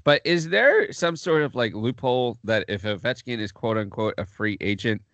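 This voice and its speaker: A man's voice: medium pitch, expressive, moderate pace, fairly bright tone, dry recording. A man on a hockey podcast asking wry, hesitant questions. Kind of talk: casual sports chat.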